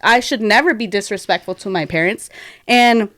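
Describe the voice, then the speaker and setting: A woman's voice: a little high, moderate pace, dry recording, clean studio sound. A young woman co-hosting a podcast, telling a personal story in casual chat, acting out quotes and dropping in Spanish words. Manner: animated, acts out quotes, mixes in Spanish words. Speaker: podcast co-host.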